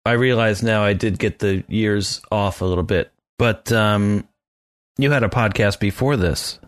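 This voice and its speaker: Low-voiced man with dry teasing humor. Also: measured pace, dry recording. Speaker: podcast co-host. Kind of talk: casual podcast chat.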